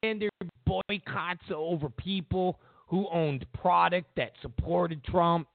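A man hosting a political commentary show, ranting loudly and mockingly, slipping into put-on voices for the people he quotes. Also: high-pitched, slow pace, gravelly, no room sound, narrow, tinny audio.

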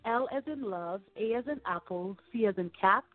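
A woman's voice: medium pitch, animated, moderate pace, no room sound. A woman from Nigeria with a Nigerian accent, a guest in a casual radio interview, upbeat, playful and proud. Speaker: guest recording artist. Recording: tinny phone line, dry.

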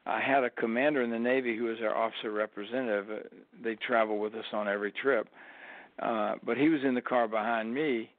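A man's voice: mid-range voice, a little fast, no echo. An older man, a retired college tennis coach, telling stories as an interview guest and acting out the quotes. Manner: animated storyteller who acts out quotes. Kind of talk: storytelling interview. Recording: dry phone-like line.

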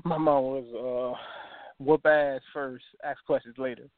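A man's voice: mid-range voice, unhurried, no room sound. A man co-hosting a podcast, telling loose slangy stories in casual chat. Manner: loose storytelling, slangy and animated. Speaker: podcast co-host. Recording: tinny phone-like line.

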